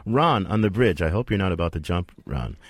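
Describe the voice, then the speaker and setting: A man hosting a call-in radio talk show, briskly taking callers and wrapping up segments. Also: low-pitched, animated, husky, dry recording, clean studio sound.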